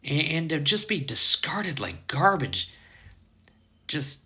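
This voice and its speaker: A man with a very bright, fairly high voice tells a dream story in a casual way. His pitch swings widely as he gets worked up, and he swears constantly. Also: slow pace. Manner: heavy swearing, animated and indignant.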